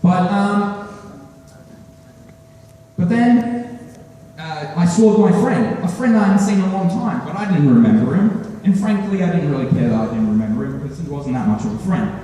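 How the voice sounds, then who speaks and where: Teenage boy, high-voiced stand-up comic, animated delivery; far-off recording in a reverberant hall. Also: moderate pace, long pauses. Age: teens. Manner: animated, acts out characters with voice changes. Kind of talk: stand-up comedy routine. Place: school hall at a talent show.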